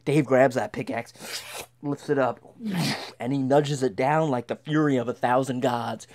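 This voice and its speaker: A man's voice: medium pitch, fairly even intonation, moderate pace, a little mellow. A man telling a comic tall tale as a dramatic monologue, stammering and restarting often. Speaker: storyteller.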